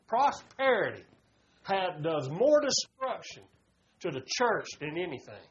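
A man's voice: high voice, big pitch swings, a little slow, slight background noise. A man, preaching a folksy sermon and calling his listeners "buddy.". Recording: dull lo-fi recording.

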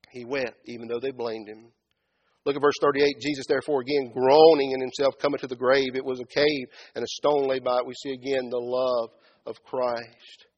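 A man preaching a sermon in a church, shifting between loud, shouted build-ups and quiet low asides, and acting out Bible figures in mocking voices. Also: husky. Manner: acts out biblical speakers in mocking tones.

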